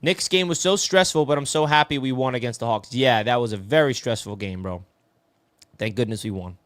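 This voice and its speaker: A man's voice: medium pitch, a little fast, a bit bright, no room sound. Casting: New man, live sports stream host, casual and chatty, close dry mic. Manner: chatty, answers viewer comments, says "bro" a lot. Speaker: sports talk show host reading live chat.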